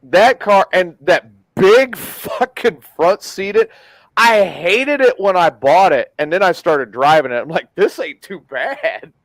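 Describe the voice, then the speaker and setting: A man's voice: high-pitched, lively intonation, takes it slowly, dry recording, low-quality recording. A man telling profane, rambling stories in a casual chat, often laughing at his own tales. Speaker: podcast host.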